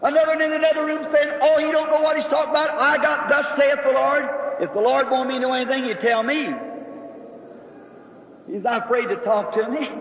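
A preacher with a strikingly high voice tells a homely story from the pulpit in an earnest, drawn-out way. His voice echoes around a large hall, and the old recording sounds dull. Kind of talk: sermon with personal story.

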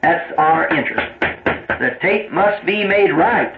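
A man's voice: on the high side, expressive, a little slow. A man speaking as a preacher to his church's trustees, earnest and rambling, repeating himself in folksy grammar. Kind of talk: informal church address. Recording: tinny, roomy old tape recording with hiss.

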